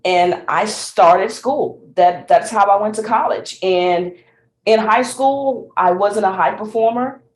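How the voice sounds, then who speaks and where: A middle-aged woman from Mississippi with a Southern accent, a singer telling her life story in an interview, animated and laughing often. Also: mid-range voice, takes it slowly, reverberant. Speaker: guest, singer and speaker.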